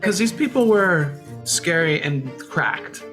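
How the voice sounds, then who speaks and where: A woman's voice: on the low side, animated, slow, fairly bright tone, soft background music. A woman casually telling a story with a friend, laid-back and drawn out. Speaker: storyteller guest, band member.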